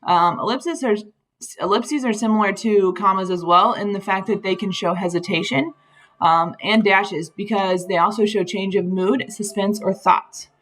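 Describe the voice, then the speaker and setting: A woman's voice: medium pitch, normal speed, fairly bright tone, rough recording. A woman teacher talking through grammar slides in a patient, explanatory way, with frequent ums. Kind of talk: recorded slide lesson.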